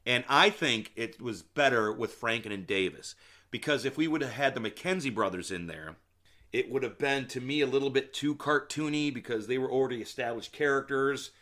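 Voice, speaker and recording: A man talking alone on his podcast in a loose, chatty way, full of filler words and side tangents. His pitch sits in an ordinary middle range. He shares blunt opinions and often turns to address the listener. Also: normal speed, sharp tone. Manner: casual, rambling, many filler words and asides; opinionated, talks to the listener directly. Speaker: podcast host. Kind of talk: solo comedy podcast movie recap.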